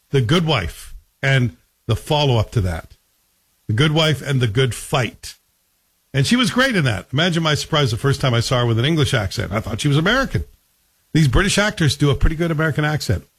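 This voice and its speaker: A man's voice: medium pitch, breathy edge. A man casually reviewing a TV series, chatty and wry, asking the listener questions as he goes.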